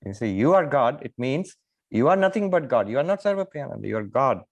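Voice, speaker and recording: A middle-aged male monk lecturing on scripture, his voice sitting in a moderate pitch range. He pauses thoughtfully with small fillers, then rises sharply and loudly on key points. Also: big pitch swings, vocal fry, muffled recording. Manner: emphatic, wide swings in pitch and loudness. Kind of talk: spiritual lecture with storytelling.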